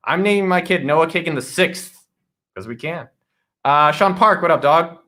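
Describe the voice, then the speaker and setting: A man's voice: fairly high pitch, normal speed, sharp tone. A man hosting a casual live office-hours stream, energetically greeting viewers by name and joking around. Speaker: livestream host. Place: home studio in a guest room.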